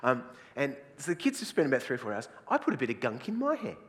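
Lively, joking Australian pastor. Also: male voice, mid-range voice, fast talker. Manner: jokey, self-deprecating, chatty. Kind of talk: sermon. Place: church hall with audience. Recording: reverberant church hall.

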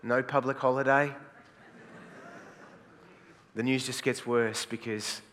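A man's voice: medium pitch, fairly even intonation, slow pace, fairly bright tone. A middle-aged Australian man preaching a sermon in a chatty, joking, self-deprecating way. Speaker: pastor. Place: church hall with audience. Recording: reverberant church hall.

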